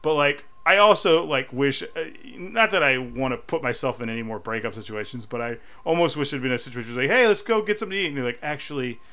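A man in his thirties co-hosting a casual podcast, telling stories with lively acted-out quotes. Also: mid-range voice, fast, few pauses. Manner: animated storyteller, acts out quotes. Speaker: podcast co-host. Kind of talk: casual chat.

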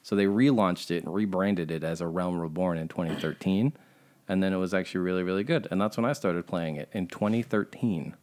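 A man with a fairly low voice hosts a relaxed podcast conversation. He rambles along, drops casual swear words and breaks into laughter often. His delivery is loose and conversational. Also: a little fast. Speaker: podcast host and co-founder.

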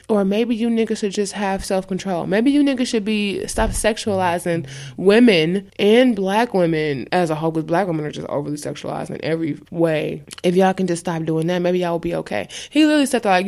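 A woman's voice: mid-range voice, fairly quick, creaky, hardly any pauses, a little mellow. A woman co-hosting a podcast, ranting in a heated, profane and emphatic way. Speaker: podcast co-host. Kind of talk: ranting casual podcast talk.

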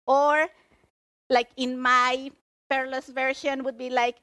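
Woman giving a sermon, high voice, takes her time, really emphatic. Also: takes it slowly, dry recording. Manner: emphatic, expressive storytelling. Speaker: preacher.

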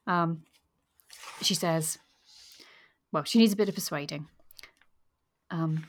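A woman's voice: deep voice, moderate pace, vocal fry, breathy edge. A woman co-hosting a book podcast, chatting casually and reading novel passages aloud. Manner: reads novel excerpts aloud, chatty and amused. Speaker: podcast co-host.

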